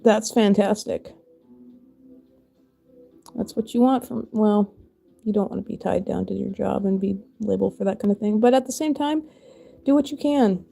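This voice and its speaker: Chatty woman streamer with a mellow voice. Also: mid-range voice, normal speed, vocal fry, pauses often, faint music behind. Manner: chatty, rambling, laughs often. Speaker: crafting streamer. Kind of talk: casual chat while crafting.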